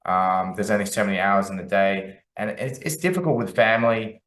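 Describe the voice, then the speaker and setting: A man's voice: on the low side, brisk, a bit bright. A man in his forties hosting a casual interview chat, asking questions in an easygoing, chatty way. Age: 40s. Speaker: podcast host. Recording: echoey room.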